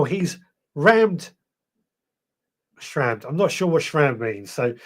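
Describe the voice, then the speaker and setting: A man hosting a gardening live stream, chatting casually and greeting viewers one by one. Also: high-pitched. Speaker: podcast host. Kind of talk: live stream chat reading viewer comments.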